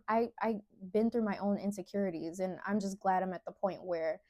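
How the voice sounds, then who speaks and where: A young woman vlogging candid advice, talking straight to the viewer with slow, emphatic phrasing. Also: mid-range voice. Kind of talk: casual advice monologue to camera.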